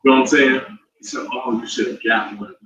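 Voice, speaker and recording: A man's voice: mid-range voice, steady tone, fast, pushed and bright. A man preaching in a loose, slangy and profane way, telling a personal story and laughing between points. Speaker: street preacher. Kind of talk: casual street sermon. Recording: dull, roomy, from far off.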